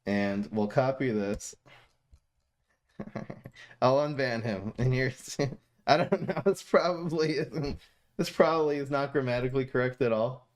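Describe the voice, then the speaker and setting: Young guy, streamer, mid-pitched voice, loose chatty delivery with lots of laughs. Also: a little slow, long pauses. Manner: chatty and animated, laughs often, stumbles and restarts. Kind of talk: casual commentary reviewing viewer messages.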